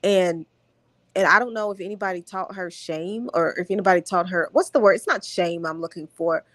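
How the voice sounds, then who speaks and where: A woman's voice: lowish voice, brisk, a bit bright, dry recording. A woman on a commentary stream who talks reflectively and searches aloud for the right words. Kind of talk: casual commentary.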